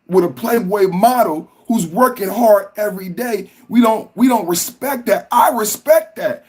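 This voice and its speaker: A man hosts a political commentary podcast in a husky, slightly high voice. He argues with fiery conviction, swears freely and often pushes up into shouts. His delivery is fervent and preacher-like. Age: adult with a school-age son. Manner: impassioned, profane, rising to shouts. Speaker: podcast host.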